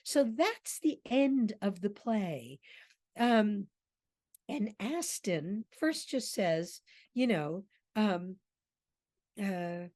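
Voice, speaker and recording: A woman's voice: mid-range voice, sing-song, very slow, a little mellow. A woman theatre director giving a conversational lecture on a play, breaking off to read lines aloud. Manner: conversational, with fillers and restarts, reading quotes aloud.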